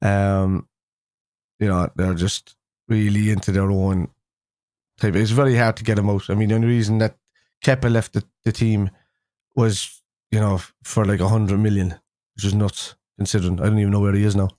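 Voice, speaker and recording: Scouse young guy rambling on a fan stream, kinda low voice, dry close sound, lots of ums. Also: little pitch movement, normal speed, a little mellow, no echo. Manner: rambling, loose, matey with lots of fillers and restarts. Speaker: fan show host. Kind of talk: casual live-stream chat reading viewer comments.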